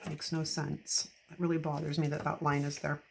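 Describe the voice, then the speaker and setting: Gravelly low-voiced woman chatting, noisy recording. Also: normal speed. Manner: chatty and rambling, laughs often. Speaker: planner vlogger. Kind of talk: casual chat while decorating a planner. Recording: steady background noise.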